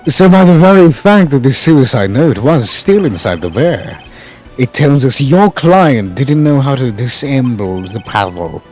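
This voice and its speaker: Man voicing a composed prosecutor, measured, shifting pitch, faint music. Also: sing-song, darkish tone. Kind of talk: fan voice dub of a game.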